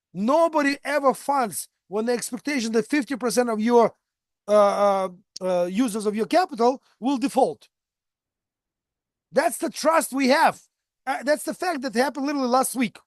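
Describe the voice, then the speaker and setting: An American man gives a lecture in a loose, conversational way, full of restarts and "right?" tag questions. His voice sits high for a man. The sound is dry and close. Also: moderate pace, no room sound. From United States. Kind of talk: lecture with anecdotes.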